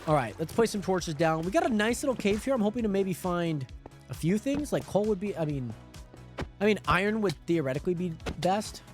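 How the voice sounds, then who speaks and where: A man's voice: high voice, animated, a little fast. A man livestreaming a game, chatting casually and rambling to his viewers as he plays. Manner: rambling, chatty, talks to chat viewers between game actions. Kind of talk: casual gaming livestream chat. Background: background music.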